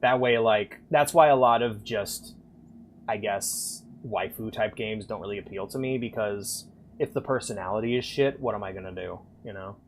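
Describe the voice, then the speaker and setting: A man's voice: lowish voice, moderate pace, slight background noise. A man chatting casually and crudely with viewers while live-streaming a game. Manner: crude, joking, chats with viewers.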